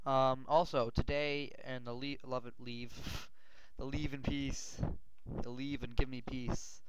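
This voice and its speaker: A male gaming host giving rambling gameplay commentary, often yelling and swearing in panic. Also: mid-range voice, a little slow, clear, resonant tone. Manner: rambling, excitable, yells and swears when panicked. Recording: dull lo-fi mic.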